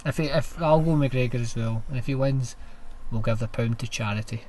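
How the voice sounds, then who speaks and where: A man's voice: medium pitch, brisk, darkish tone, a little hiss or hum, rough recording. A Scottish man co-hosting a casual podcast, bantering, swearing and laughing easily. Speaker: podcast co-host. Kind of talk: casual chat.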